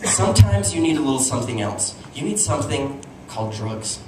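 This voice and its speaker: A young man from Utah does stand-up on a comedy club stage, telling animated stories with asides to the crowd in a mid-range voice at a fairly quick clip. The live room is echoey and noisy, the mic sits at a distance, and audience laughter and room noise fill the background.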